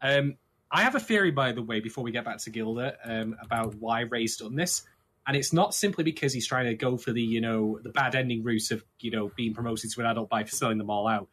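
A man's voice: medium pitch, fairly quick. A man in a casual podcast chat, laying out a theory with lots of "you know" fillers. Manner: animated theorizing with frequent fillers. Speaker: podcast co-host.

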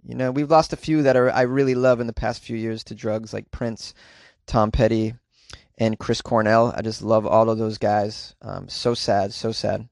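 A man's voice: lowish voice, steady tone, normal speed, gravelly, darkish tone, dry recording, clean studio sound. Chatty, rambling man hosting a podcast. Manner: rambling, chatty, profane asides. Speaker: podcast host. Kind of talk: casual comedic monologue. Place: home closet.

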